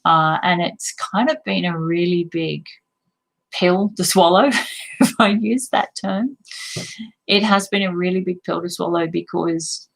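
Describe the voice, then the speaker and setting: A woman's voice: lowish voice, measured pace, creaky, poor audio. A young woman talking candidly to camera in a personal vlog, reflective and self-critical, with the odd curse word. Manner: frank, reflective, self-critical, occasional swearing. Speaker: vlogger.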